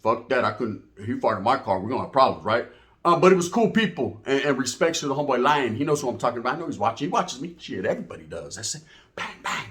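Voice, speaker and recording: A man telling a casual story in a profane, animated way, acting out the voices of other people as he goes. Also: medium pitch, fast. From California.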